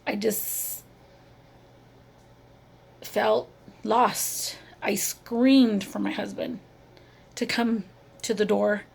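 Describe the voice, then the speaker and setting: A middle-aged woman, a mother, telling her own story in a slow, halting and emotional way, with many pauses and repeated phrases. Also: mid-range voice, steady tone, gravelly, darkish tone, breathy edge. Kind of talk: personal testimony to camera.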